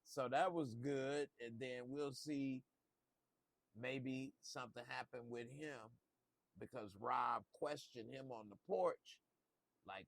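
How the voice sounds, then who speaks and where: A man with a medium-pitched voice talks slowly, with vocal fry, while reacting to a TV episode. His review is casual and joking, and he keeps talking back to the screen.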